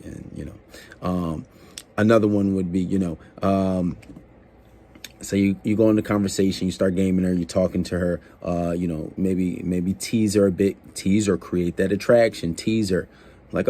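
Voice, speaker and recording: A man's voice: fairly low pitch, normal speed, gravelly, darkish tone. A man giving casual dating advice to camera, rambling with many fillers and acting out both sides of conversations.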